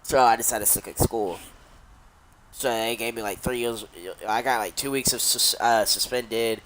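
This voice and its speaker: Young guy just telling a story on stream, swears a lot, keeps restarting, average pitch. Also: fairly even intonation, moderate pace, fairly bright tone, slight background noise. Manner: rambling and profane, with many restarts. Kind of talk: casual storytelling while gaming.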